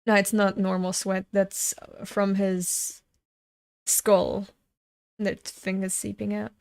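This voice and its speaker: Slow, unhurried woman reading a comic aloud. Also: medium pitch, little pitch movement, creaky, darkish tone, no room sound, studio quality. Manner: reads all parts herself, breaks off to gush and laugh. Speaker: webcomic reader.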